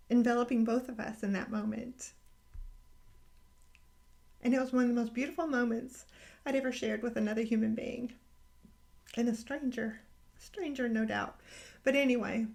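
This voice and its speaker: A woman's voice: fairly high pitch, creaky. Earnest woman telling a faith story. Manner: earnest, emotional, halting with restarts. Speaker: podcast host sharing a personal faith story. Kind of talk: casual personal storytelling.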